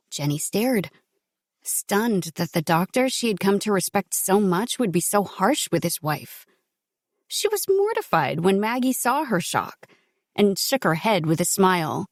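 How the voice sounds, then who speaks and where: A woman narrating an audiobook at a steady, measured pace, her voice sitting mid-range. The recording is close and completely dry. She reads the story plainly and evenly. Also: medium pitch, dry recording. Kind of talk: scripted narration.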